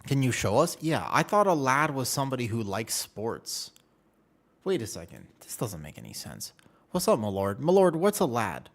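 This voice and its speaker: A man's voice: medium pitch, big pitch swings, normal speed, fairly bright tone. A man in his twenties, a game streamer chatting casually and jokingly with his viewers in a rambling way. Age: 20s. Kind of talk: casual live-stream chat.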